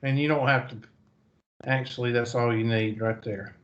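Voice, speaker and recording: Over muffled video call audio, a Southern-accented man gives an online math lecture at normal speed. His mid-range voice is fairly even in intonation, and he's chatty, working through things out loud.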